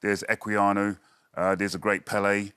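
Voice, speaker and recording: A man's voice: fairly low pitch, flat delivery, moderate pace, bright, forceful tone, clear, resonant tone, no room sound. A middle-aged man from Britain, a guest in a TV studio interview, talking in a chatty way with many fillers and hesitations. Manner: jokey, lots of filler words, puts on voices. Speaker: quiz show regular, guest.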